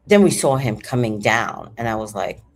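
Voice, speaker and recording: A woman in her fifties telling a story to her viewers in an animated, chatty way, swearing freely. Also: a bass voice, normal speed. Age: 50s. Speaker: vlogger. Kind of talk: casual storytelling to camera.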